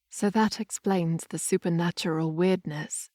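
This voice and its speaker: A woman narrating a romance audiobook in the first person, in a measured, intimate storytelling manner on a close mic. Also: medium pitch, fairly even intonation, dark tone, dry recording.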